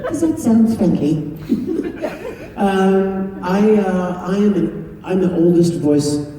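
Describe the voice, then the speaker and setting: A man's voice: high voice, animated, slow, mellow. A man, a voice actor, chatting playfully and teasing the crowd at a convention Q&A, laughing often. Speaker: voice actor guest at a fan convention Q&A. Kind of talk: casual convention Q&A. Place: large convention hall. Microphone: handheld phone camera from the audience. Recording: echoey convention hall from far off.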